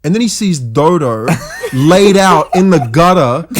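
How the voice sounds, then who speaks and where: Animated young man storyteller. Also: a little high, a little slow, crowd noise. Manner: animated, laughs through stories, acts out quotes. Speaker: podcast guest. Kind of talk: casual storytelling.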